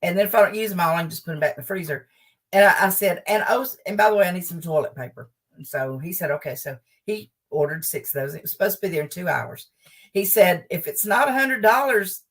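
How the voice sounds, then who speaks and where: An older woman, a guest humorist, telling a funny story from home in a lively, laughing way. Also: lowish voice, fast, far from the mic. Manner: animated, laughs as she tells the story. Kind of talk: comic storytelling.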